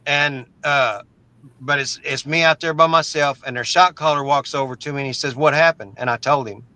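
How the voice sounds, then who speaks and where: A man's voice: medium pitch, fairly even intonation, moderate pace, pushed and bright, no room sound, low-quality recording. Blunt, profane middle-aged man. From Oklahoma. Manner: blunt and profane, stumbling repeats. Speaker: interview guest. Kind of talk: casual storytelling.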